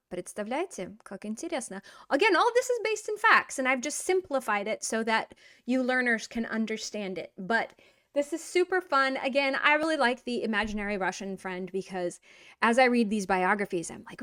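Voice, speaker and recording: A woman teaching a casual video language lesson in a playful, self-mocking, chatty way. Her voice sits slightly high and the recording sounds dry and close. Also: lively intonation, a little fast, fairly bright tone, no echo. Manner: playful, chatty, laughs at herself. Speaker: Russian teacher.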